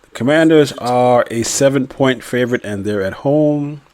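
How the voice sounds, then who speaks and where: A man's voice: medium pitch, moderate pace, darkish tone, no echo. A man hosting a casual sports podcast, reading out matchups and odds and calling on each co-host for a pick. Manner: leads the segment, reads matchups and odds. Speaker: podcast host running weekly picks. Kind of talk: casual chat.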